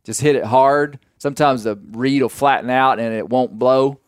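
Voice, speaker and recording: A man's voice: medium pitch, fairly even intonation, normal speed, clean tone, no echo. Southern man, podcast host, rambling folksy storyteller, dry close mic. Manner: folksy, rambling with fillers and restarts. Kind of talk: casual storytelling chat.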